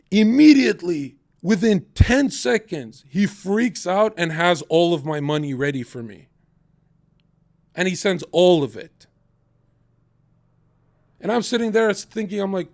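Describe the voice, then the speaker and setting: A man's voice: on the high side, animated, moderate pace, vocal fry. A young man streaming, ranting heatedly and with lots of swearing, acting out other people's lines in quotes. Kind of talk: ranting livestream commentary.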